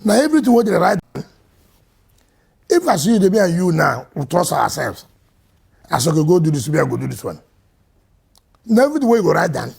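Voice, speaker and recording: Nigerian man, very gravelly and raspy, lively animated pitch, emphatic interview answers. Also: brisk, pauses often. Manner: emphatic, lively, swings between loud and quiet. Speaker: state governor, interviewee.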